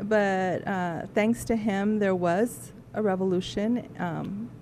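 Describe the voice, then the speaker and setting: A woman's voice: medium pitch, fairly even intonation, slow pace, a little mellow, slight background noise. A woman, a museum director speaking as a guest on a radio interview.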